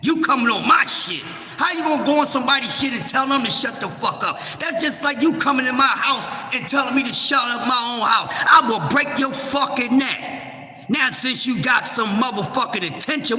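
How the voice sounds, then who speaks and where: A man hosting a live stream, recapping a boxing press event and cursing out a troll in his chat in a heated, shouting manner. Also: very high voice, normal speed, faint music behind. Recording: echoey room with long reverb.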